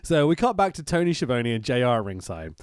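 On a casual podcast, a male co-host mocks old wrestling, laughing at the show and swearing occasionally. He sounds very animated and brisk, his mid-range voice smooth, recorded in studio quality without echo.

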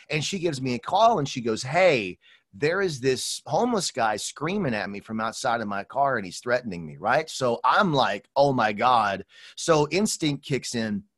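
A man telling stories in a loose, laughing, profane chat, high and jumping into shouted voices for the people in them. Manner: animated, laughs often, swears, acts out voices in stories. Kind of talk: casual storytelling chat.

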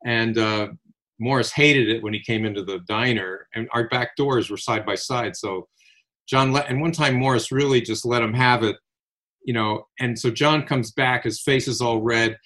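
An older man casually telling long, rambling personal anecdotes, animated, with restarts and quoted dialogue. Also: mid-range voice, normal speed. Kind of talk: casual conversational storytelling.

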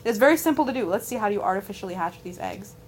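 Brisk blunt woman podcaster. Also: medium pitch, lively intonation, darkish tone, a little hiss or hum. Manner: blunt, dismissive, reads aloud from articles. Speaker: podcast co-host. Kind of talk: casual chat.

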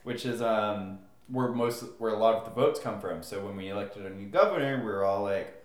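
A young man co-hosting a podcast in casual chat, talking hesitantly with drawn-out fillers. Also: on the low side. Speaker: podcast co-host. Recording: echoey room.

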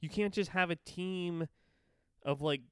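A man co-hosting a podcast in casual chat, animated and swearing often. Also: high-pitched, unhurried, smooth, no room sound. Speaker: podcast co-host.

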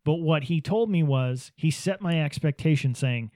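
A man's voice: on the high side, moderate pace, a little mellow, no room sound. A man in casual chat, telling anecdotes and acting out what people said, laughing easily. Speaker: podcast host, business owner.

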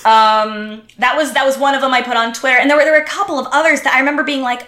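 A woman's voice: high-pitched, quick pace, echoey room. A woman telling a long story as a podcast guest, acting out the people she quotes and restarting her sentences often. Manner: animated, acts out quotes, many restarts. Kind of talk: casual storytelling chat.

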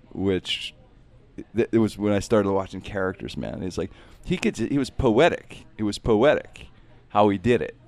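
Low-voiced, rambling comedian. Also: male voice, darkish tone, no echo. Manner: rambling, reflective, says "man" often. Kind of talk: casual interview chat.

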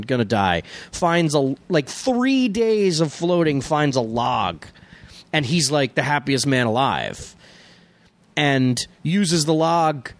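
A man telling stories in loose, rambling podcast chat, his voice sitting a touch high for a man. He jumps into lively impressions mid-story, and the recording is close and dry, with no room sound around him. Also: dry recording. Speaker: podcast co-host. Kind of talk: casual chat.

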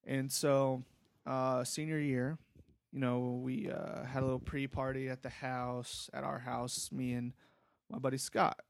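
A young man tells a rambling story in a relaxed, profane way. His voice has a gravelly edge, and the sound is dry and close. He keeps it casual and easygoing throughout. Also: mid-range voice, a little slow, no echo. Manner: laid-back, rambling, profane. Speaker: podcast host.

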